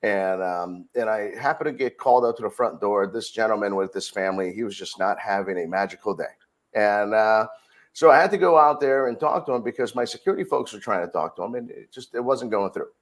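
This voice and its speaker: A man's voice: on the low side, fairly quick. A middle-aged man speaks as a podcast guest, telling a story from his working life. He acts out the exchanges with plenty of energy and keeps the tone conversational. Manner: animated storyteller, acts out dialogue. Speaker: podcast guest, security director.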